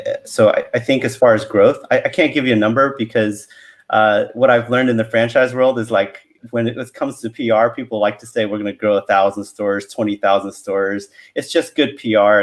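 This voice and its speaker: A man with a fairly low voice chatting as a guest on a video call. He is relaxed and loose, restarting his sentences as he goes. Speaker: franchise growth expert guest. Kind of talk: casual video-call chat.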